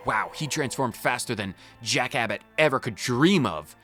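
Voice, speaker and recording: A man's voice: medium pitch, expressive, moderate pace, hardly any pauses, sharp tone, soft background music. A man hosting a video game playthrough, joking around and chatting goofily with the game's characters. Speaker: let's play host.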